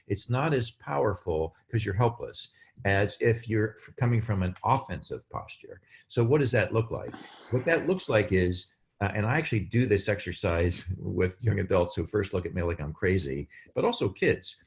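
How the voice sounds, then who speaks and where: A man speaking as a guest on a podcast, explaining in an animated way and acting out quotes. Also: fairly low pitch, moderate pace, gravelly, a little hiss or hum. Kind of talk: casual podcast chat.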